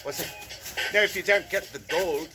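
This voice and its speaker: A man's voice: high voice, moderate pace. A man vlogging at an outdoor market bar, rambling and making fun of himself as he talks. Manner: rambling, self-mocking, jokey. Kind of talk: joking travel vlog to camera. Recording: loud live band over the voice. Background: live band playing.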